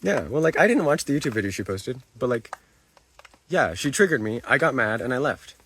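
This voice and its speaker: A man's voice: medium pitch, lively intonation, fairly quick, a bit bright, slight background noise. A man livestreaming to his chat, talking defensively, repeating himself and swearing.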